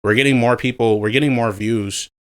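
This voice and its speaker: A man's voice: mid-range voice, steady tone, fairly quick, fairly bright tone. A man co-hosting a casual podcast, talking in an easygoing, rambling way with many filler words. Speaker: podcast co-host.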